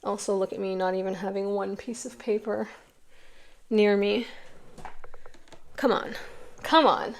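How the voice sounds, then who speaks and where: A middle-aged woman talks through a pick-a-card tarot reading. She is chatty and emotional, rambling as she goes. There is a gravelly fry running through her voice. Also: medium pitch, fairly even intonation, a little slow, long pauses.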